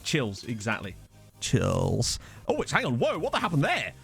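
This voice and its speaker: His medium-pitched voice swoops wildly and sounds creaky, husky, and a bit bright, moving at normal speed. A young gaming host, he chats and jokes over a casual let's-play of a football management game, reacting to the match, with faint game music and a desktop studio mic.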